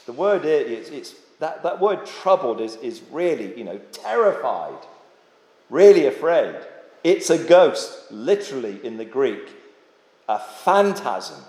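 A man's voice: medium pitch, sing-song, normal speed, warm tone. A man preaching a sermon, earnest and dramatic, with rhetorical questions and frequent restarts. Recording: echoey hall with long reverb.

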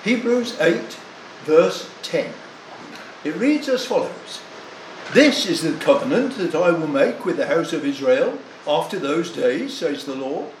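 An older man preaching a sermon, deliberate and emphatic, leaning hard on single words. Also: on the high side, big pitch swings, reverberant, slight background noise, poor audio.

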